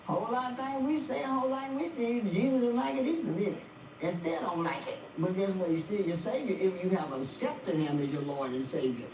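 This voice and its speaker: A woman's voice: mid-range voice, expressive, fairly quick, darkish tone. Older woman testifying in an echoey room. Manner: preachy, repeats phrases. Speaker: podcast guest, mother. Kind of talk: emotional testimony. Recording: echoey, distant, faint noise.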